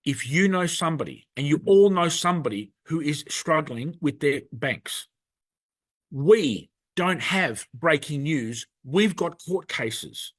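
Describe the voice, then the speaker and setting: A man's voice: a little high, expressive, slow, a bit bright, no echo. An angry man delivering a rambling, emphatic monologue to camera. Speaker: video presenter.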